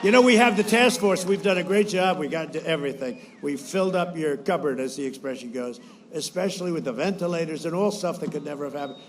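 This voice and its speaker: A man giving a rambling, boastful campaign rally speech, repeating phrases, shouting at times and mimicking others in quotes. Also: a little high, fast talker. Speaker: politician addressing supporters.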